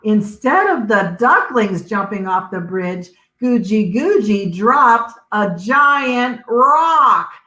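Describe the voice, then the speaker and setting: A woman librarian reading a picture book aloud to children as an expressive storyteller. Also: medium pitch, takes it slowly, hardly any pauses, roomy sound. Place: outdoor garden.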